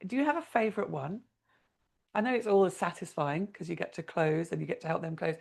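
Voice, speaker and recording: A woman's voice: fairly low pitch, a little fast, creaky, a little mellow, slightly rough. A woman hosting a podcast who asks probing, encouraging questions. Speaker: podcast host. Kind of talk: podcast interview.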